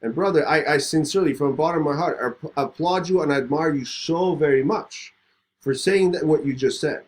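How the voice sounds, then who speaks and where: A podcast host talks in a fairly high voice. He tells a story in casual conversation and acts out each side of the exchange with a lot of energy. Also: fairly quick. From Middle East. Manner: animated, acts out both sides of a story.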